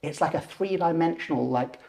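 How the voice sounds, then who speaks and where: A man in his forties, a lucid dreaming teacher and podcast guest, telling a personal story in an animated way. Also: fairly high pitch, brisk, gravelly. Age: 40s. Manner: animated, acts out voices and gestures while telling.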